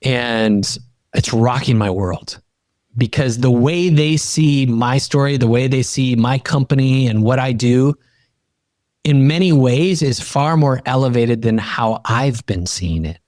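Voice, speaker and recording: A middle-aged man, a podcast guest and coach, telling personal stories in an emphatic, animated way that climbs high in pitch when he gets fired up. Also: unhurried, no room sound, clean studio sound. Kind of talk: animated personal storytelling in conversation.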